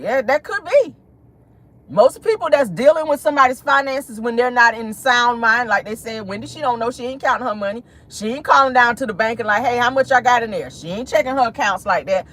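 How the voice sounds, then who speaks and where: A woman's voice: on the high side, a bit bright, a little hiss or hum. A young adult woman hosting a celebrity gossip talk, sassy and slangy in casual commentary.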